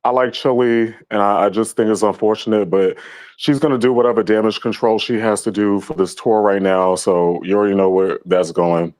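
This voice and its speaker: A man's voice: lowish voice, fairly even intonation, a little fast, darkish tone. A man calling in to a show, giving his opinions with frequent hesitations. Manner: hesitant, many ums. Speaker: caller. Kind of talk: casual phone-in opinion.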